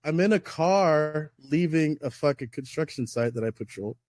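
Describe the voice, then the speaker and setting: A man on a casual podcast telling a profane, animated story, acting out what people said to him. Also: on the high side, moderate pace, no echo, studio quality. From Southern California. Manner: acts out voices of people in his story.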